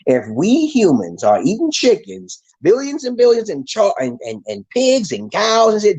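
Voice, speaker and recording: A man's voice: high voice, wildly swooping pitch, moderate pace, few pauses, darkish tone, slightly rough, rough recording. A man delivering a rambling monologue to his viewers, ranting with heavy swearing and frequent restarts. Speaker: channel host.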